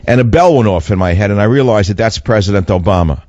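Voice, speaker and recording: Older guy ranting on talk radio, low voice, muffled dry broadcast sound. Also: quick pace, mellow, dry recording. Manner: emphatic, repetitive, mocking whiny voices. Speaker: radio talk show host. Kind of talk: radio monologue. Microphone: studio microphone.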